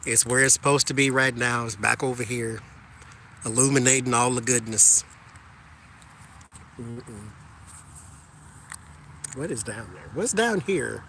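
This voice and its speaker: A man casually chatting with his viewers while walking outside, animated and joking, talking to them as "y'all". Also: medium pitch, a little slow, pauses often, a little hiss or hum. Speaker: tarot reader chatting with live viewers.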